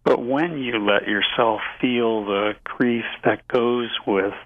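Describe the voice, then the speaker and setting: Male therapist guest, unhurried and reflective, dull dry remote audio. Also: mid-range voice, dry recording. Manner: slow, measured, thoughtful. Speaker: psychotherapist guest. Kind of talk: reflective interview talk.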